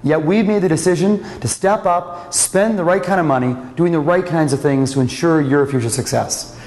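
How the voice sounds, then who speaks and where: A man's voice: fairly high pitch, moderate pace, darkish tone. Enthusiastic male executive in a reverberant hall. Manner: enthusiastic, promotional. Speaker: company executive presenter. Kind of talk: scripted corporate presentation.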